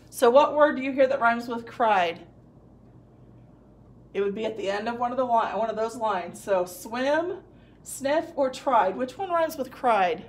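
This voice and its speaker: A woman's voice: a little high, animated, unhurried. A woman teacher giving a recorded phonics lesson to young children, patiently sounding out words and praising answers.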